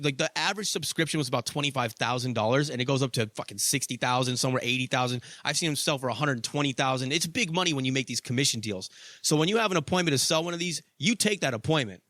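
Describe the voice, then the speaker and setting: A man's voice: medium pitch, bright, forceful tone, no room sound, studio quality. A young adult man hosting a podcast, telling a story in a casual monologue, swearing freely and padding with "like" and "you know.". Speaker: podcast host.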